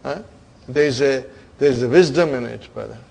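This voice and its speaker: A man's voice: mid-range voice, a little fast, vocal fry, a little mellow. A man teaching Arabic grammar in a classroom lecture. He keeps checking whether his students follow and calls them "brother". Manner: keeps checking in with students, asking "are you with me?"; interjects "huh?" while explaining.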